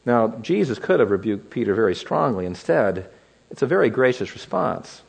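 A man's voice: mid-range voice, big pitch swings, fairly quick, creaky, a little mellow, husky. A man preaching an expository sermon, teaching verse by verse and asking the listeners rhetorical questions.

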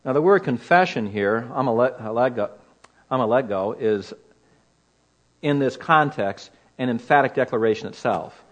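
A man's voice: medium pitch, expressive, moderate pace. Male preacher, expository teaching; earnest, emphatic, rhetorical questions, mid-range voice.

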